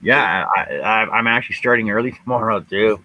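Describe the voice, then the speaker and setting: A man from Canada sits in on a live stream and passes along what viewers type. His voice is bright and forceful in a lowish register, and it sounds dry and close. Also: fairly quick, no room sound, poor audio. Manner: relaxed, reads out chat comments. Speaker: co-host panelist reading viewer comments. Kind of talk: casual live stream chat.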